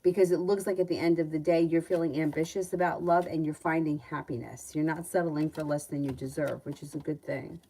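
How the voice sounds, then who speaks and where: Low-voiced woman doing tarot readings. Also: fairly even intonation, a little fast, hardly any pauses, mellow, a little hiss or hum, poor audio. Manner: reads viewers' questions aloud and answers them; chatty, laughs easily between readings. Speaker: tarot reader.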